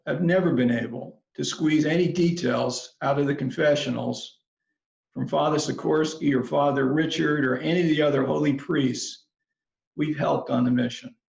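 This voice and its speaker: Slow, gravelly man giving a commencement address. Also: fairly high pitch, darkish tone. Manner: slow, measured, reflective storytelling. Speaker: commencement speaker. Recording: roomy, slightly dull recording.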